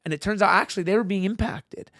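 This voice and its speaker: A man's voice: high voice, fast talker, fairly bright tone. A man, a magician and guest, telling a personal story in an earnest, casual way, with many "like" and "um" fillers.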